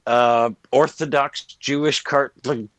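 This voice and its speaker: A man's voice: medium pitch, steady tone, takes it slowly, a bit bright, no room sound. A man co-hosting a live online podcast in crude, joking, rambling banter. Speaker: podcast co-host. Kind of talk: casual live-stream banter.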